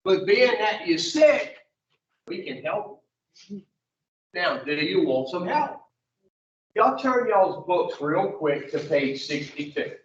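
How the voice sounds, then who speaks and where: Brief: man, recovery group leader, profane and confrontational, a bit high-pitched; distant, muffled room recording. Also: sing-song, slow pace, long pauses, a little hiss or hum. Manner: blunt and profane, questions listeners directly. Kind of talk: blunt group teaching session. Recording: dull echoey room, mic far off.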